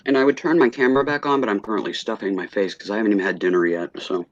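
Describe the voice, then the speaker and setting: A man's voice: on the low side, rapid-fire, no echo. Joking chat regular, man, dull muffled line. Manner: joking, teasing. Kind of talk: casual chat.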